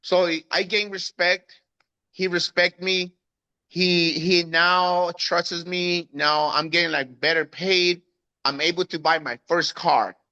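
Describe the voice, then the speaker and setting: Bright-voiced man telling his story. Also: slow pace, muffled recording. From Guatemala. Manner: animated, acts out quoted voices with raised pitch. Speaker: guest. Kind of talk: storytelling in an interview.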